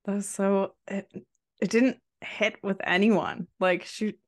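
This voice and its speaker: A woman's voice: mid-range voice, steady tone, no room sound, clean studio sound. A young adult woman co-hosting a podcast, agreeing often and laughing easily in casual chat. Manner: agreeable, giggly, quick reactions. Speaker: podcast co-host.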